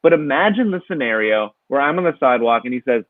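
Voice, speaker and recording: A man's voice: medium pitch, fast, no echo. A man asking for advice on a comedic call-in show, anxious and rambling, full of fillers, heard over a video call. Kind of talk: casual comedic advice chat. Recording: tinny phone-like dry line.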